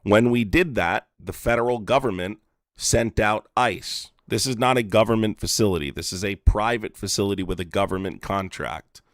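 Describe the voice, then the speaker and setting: A man's voice: lowish voice, normal speed, no room sound, studio quality. Insistent man pressing a caller in debate. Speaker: political streamer and activist. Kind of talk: call-in political debate.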